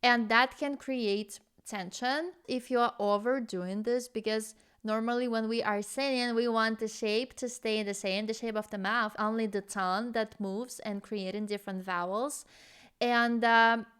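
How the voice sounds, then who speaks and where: A young adult woman, a vocal coach, reacting with excitement and explaining singing technique. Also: fairly high pitch, unhurried, clean tone. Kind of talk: reaction commentary. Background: faint rock music.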